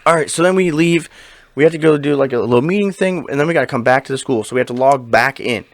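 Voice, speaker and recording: A man co-hosting a podcast, telling a story in casual chat, animated and profane, acting out the lines of the people in it. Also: mid-range voice, quick pace, no room sound. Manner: animated, profane, acts out quoted dialogue. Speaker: podcast co-host.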